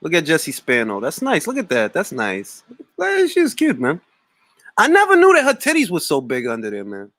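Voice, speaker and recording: A man's voice: fairly high pitch, huge pitch swings, moderate pace, a bit bright, no echo, studio quality. A man hosting a boxing talk stream, casual, profane and jumping between topics. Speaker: boxing talk show host. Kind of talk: casual livestream chat.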